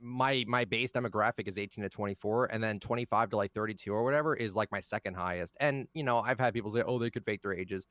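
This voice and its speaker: A man's voice: on the low side, quick pace, hardly any pauses, a bit bright, no room sound. A man being interviewed as a content creator, speaking in a laid-back, blunt way with casual swearing.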